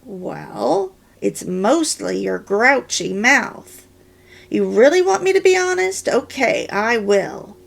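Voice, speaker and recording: A woman reading the part of a hurt husband who speaks hesitantly and haltingly. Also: fairly high pitch, very animated, creaky, heavily acted. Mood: hurt, earnest. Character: remorseful husband, a working man.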